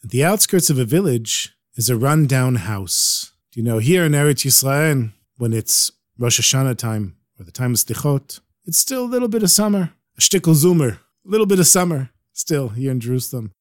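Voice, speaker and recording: A man narrating a religious story in an animated, expressive way. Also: mid-range voice, normal speed, few pauses, dry recording, studio quality.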